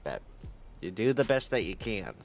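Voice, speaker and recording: A male livestreamer chatting casually with his viewers in a relaxed, rambling way, with many fillers. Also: on the low side, moderate pace, faint music behind.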